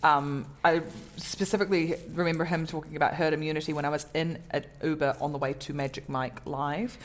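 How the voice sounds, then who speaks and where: A woman's voice: low voice, steady tone, brisk. A woman comedian chatting casually in an interview, talking in a self-deprecating way with many fillers and restarts. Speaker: comedian guest.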